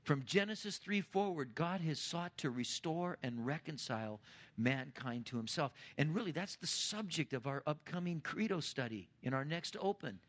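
A man preaching a sermon as pastor, swelling louder and higher on key points and dropping to a hushed, low voice at the ends of lines. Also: animated, normal speed.

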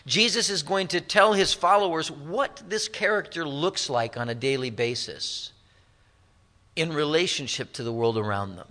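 Bright-voiced preaching man. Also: fairly high pitch. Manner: emphatic preaching with slow stressed phrases. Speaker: pastor. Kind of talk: sermon.

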